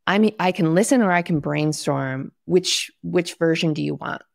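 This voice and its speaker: A woman's voice: sits low, normal speed, gravelly, no echo, studio quality. A woman guest talking in an earnest, reflective way on a podcast, sometimes dropping to a near whisper. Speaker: guest, wellness author. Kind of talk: casual conversation.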